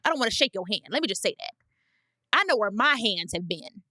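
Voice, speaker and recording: Blunt, animated woman podcast host. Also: mid-range voice, a little fast, dry recording. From United States. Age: 30s. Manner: animated, blunt and emphatic, with repeated phrases. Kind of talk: casual advice monologue.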